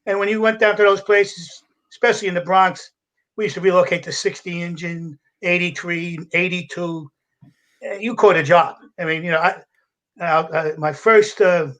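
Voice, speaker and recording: A man's voice: high voice, moderate pace. Older New man telling war stories. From United States. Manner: animated storyteller with a gruff, salty edge, acting out voices and laughing. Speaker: podcast guest, retired fire captain. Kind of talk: casual storytelling.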